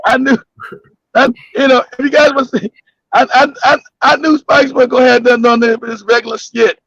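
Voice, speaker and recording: A man hosting a casual comedic talk show, telling stories loudly and laughing often. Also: very high voice, fairly quick, slightly rough, no room sound. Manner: loud, laughing, animated storytelling. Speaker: podcast host. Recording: dull dry lo-fi audio.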